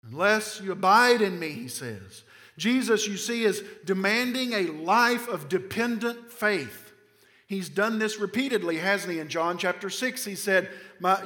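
A pastor with a Southern American accent preaches emphatically, piling on repetition and rhetorical questions. His voice is high-pitched, pushed and bright, and a large hall gives it long reverb.

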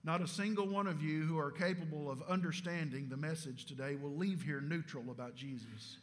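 A man preaching a sermon emphatically, asking rhetorical questions and dropping his voice low at the ends of phrases. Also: brisk, slight background noise.

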